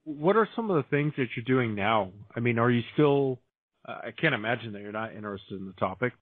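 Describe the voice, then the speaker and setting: A man's voice: mid-range voice, animated, a little fast, dry recording. A man hosting a radio interview in a joking, easygoing way. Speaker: host. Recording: tinny phone line.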